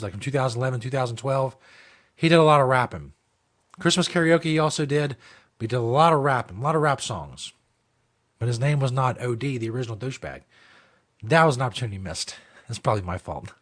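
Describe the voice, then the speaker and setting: A male host on a comedy show, his voice at an ordinary pitch. He rants hard and swears constantly. He mocks his targets as he goes. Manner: ranting, heavy swearing, mocking. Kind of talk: profane comedic rant.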